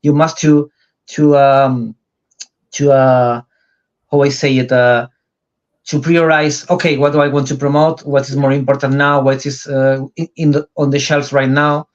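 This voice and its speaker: Man, Spanish accent, non-native English, halting, medium pitch, dull lo-fi recording. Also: level tone. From Spain. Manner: halting, searching for English words. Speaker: interview guest, comic artist. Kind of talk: casual interview chat. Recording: slightly dull lo-fi sound.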